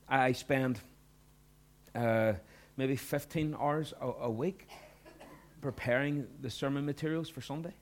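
A middle-aged male pastor giving a sermon, earnest, dropping to hushed lines and rising to loud emphatic bursts. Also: mid-range voice.

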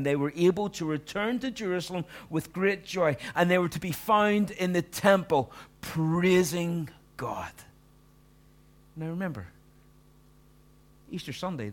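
Animated preacher dropping to whispers. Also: male voice, on the high side. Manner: animated, acts out the disciples' voices, swings from hushed to loud. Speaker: pastor. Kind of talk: sermon.

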